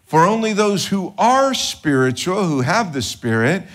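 A man preaching a sermon as pastor, animated and conversational, with quick asides and chuckles. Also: high voice.

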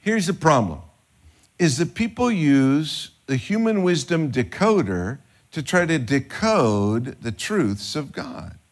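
A man preaching a sermon as pastor, animated and conversational, with quick asides and chuckles. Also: fairly high pitch.

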